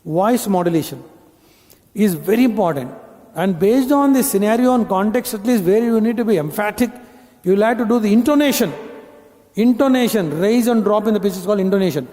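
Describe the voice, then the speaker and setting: A man's voice: high-pitched, lively intonation, fairly quick, warm tone. A man with an Indian English accent leading a live communication-skills training and quizzing his audience. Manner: instructive, addresses the audience with questions. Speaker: corporate trainer. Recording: long hall reverb.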